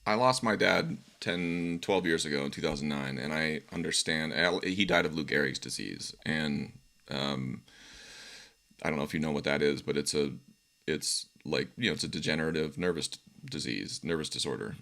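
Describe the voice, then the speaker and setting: A man hosting a call-in conversation, talking reflectively and with empathy, with soft laughs now and then. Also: a bass voice, moderate pace, gravelly.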